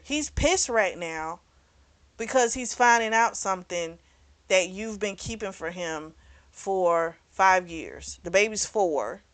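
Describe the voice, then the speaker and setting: A woman hosting a book club channel, recapping a novel's plot in a blunt, animated way, swearing and laughing now and then. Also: medium pitch, no echo. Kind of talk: casual book recap and review.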